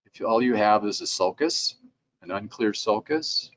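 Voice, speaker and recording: A man's voice: fairly low pitch, measured pace, fairly bright tone, slight background noise. Man giving a conversational dental lecture. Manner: conversational, acts out dentists' voices in quotes. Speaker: dental lab president giving a training talk. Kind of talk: instructional presentation.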